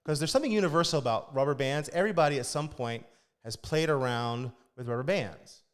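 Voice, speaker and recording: This man, on the high side and talking a little fast, runs a church kids ministry and shares stories during a relaxed podcast conversation. He slips into children's voices as he goes, recorded on a podcast studio mic.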